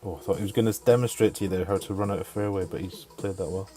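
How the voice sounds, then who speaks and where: Male streamer, middle-aged, lower voice, casual and sweary; light music underneath. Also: steady tone, rapid-fire, mellow. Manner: chatty, swears, mutters to himself. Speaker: game streamer. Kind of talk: casual chat over live gameplay. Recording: faint music behind.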